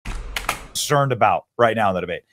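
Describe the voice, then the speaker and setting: A man's voice: fairly low pitch, lively intonation, normal speed, fairly bright tone, slight background noise. A man hosting a reaction commentary channel, talking back at news clips in an indignant, mocking way.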